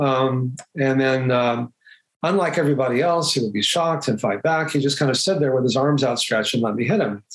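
A man, a doctor, telling a personal story in a reflective, earnest way, pausing and restarting as he goes, with emotion showing. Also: mid-range voice, low-quality recording.

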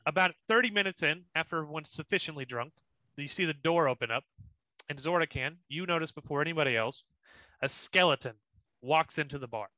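A man's voice: fairly high pitch, bright, forceful tone, dry recording. Man, dungeon master, narrating a tabletop game, descriptive, slightly muffled recording. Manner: descriptive, halting with fillers.

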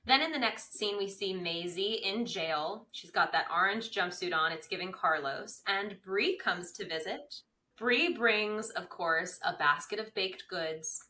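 A woman's voice: medium pitch, a little slow, pushed and bright. A woman co-hosting a podcast, chatting casually and giving her opinions while recapping a TV show. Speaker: podcast co-host.

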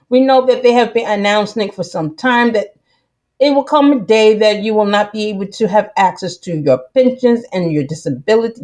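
A woman's voice: medium pitch, a little mellow. A woman hosting a podcast in a casual monologue, emphatic and preachy, rambling with many fillers and restarts and often cutting in with "listen". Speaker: podcast host.

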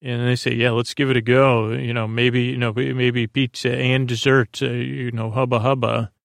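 A man's voice: mid-range voice, flat delivery, moderate pace, gravelly, clear, resonant tone, no room sound, clean studio sound. A man hosting a podcast, casually retelling a story in a rambling way with lots of filler words and "he goes, she goes.". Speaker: podcast host. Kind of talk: casual plot recap.

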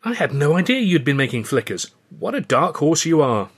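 A man's voice: on the high side, very animated, moderate pace, breathy edge, pitched above the performer's own voice, heavily acted. A man reading an audiobook, voicing an earnest, giggly and easily hurt male comedian with a lilting, slightly plaintive manner. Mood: admiring.

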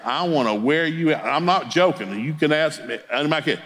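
A man's voice: fairly high pitch, animated, moderate pace, fairly bright tone. A middle-aged man, a Pentecostal preacher, telling humorous family stories in a sermon and chuckling as he talks. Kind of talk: folksy storytelling sermon.

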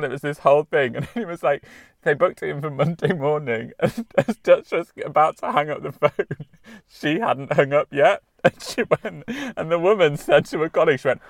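A man's voice: fairly high pitch, moderate pace, vocal fry, dry recording, clean studio sound. A man co-hosting a podcast, telling an anecdote in casual chat with laughter. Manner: chatty, laughing, storytelling. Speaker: podcast co-host.

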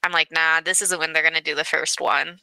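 A woman with a smooth, crisp voice, sharp and very bright, and a slightly low pitch. She chats casually on a remote call, thinking aloud and adding quick asides. The sound is close and dry. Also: little pitch movement, dry recording, rough recording. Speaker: co-host. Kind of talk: casual chat.

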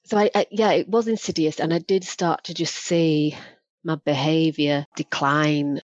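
A woman's voice: sits low, measured pace, no echo. A woman, a podcast guest telling candid stories about her work and acting out the voices of people involved. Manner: animated, acts out quoted voices. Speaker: guest, former probation practitioner. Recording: dry, dull lo-fi audio.

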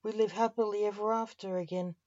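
A woman reading the lines of a calm reincarnated young woman, slowly and a little higher than her narration. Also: close to an everyday voice. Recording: dull lo-fi dry recording.

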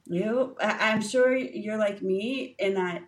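Woman co-host, mid-pitched, lively storyteller, a bit off-mic. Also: takes it slowly, recorded from a distance. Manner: lively storytelling with frequent fillers and restarts. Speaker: podcast co-host. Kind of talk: casual faith podcast chat.

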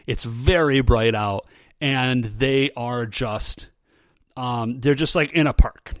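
A male podcast host recaps an episode slowly in a medium-pitched voice, rambling casually with plenty of "um" and "like" and laughing often. The recording is dry, with clean studio sound.

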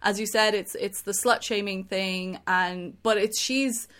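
A woman's voice: mid-range voice, fairly even intonation, a little slow, a bit bright. Rambling young woman in casual chat. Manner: talks in long runs, many restarts and fillers.

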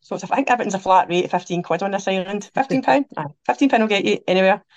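A Scottish woman, a podcast guest, telling travel stories in lively conversation, acting out what people said and laughing along. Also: medium pitch, racing, no echo, muffled recording. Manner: animated, quotes people, laughs through her stories. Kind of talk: anecdotal storytelling chat.

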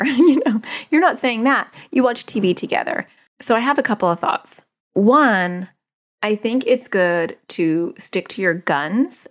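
A middle-aged woman with a slightly low voice talks through parenting advice in a casual, animated way. She often slips into the voices of upset kids and tired parents to make her point. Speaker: parenting coach answering a listener.

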